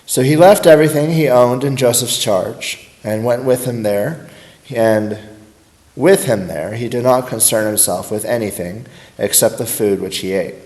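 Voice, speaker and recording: A man reading scripture aloud at a steady, unhurried pace. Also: medium pitch. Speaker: scripture reader.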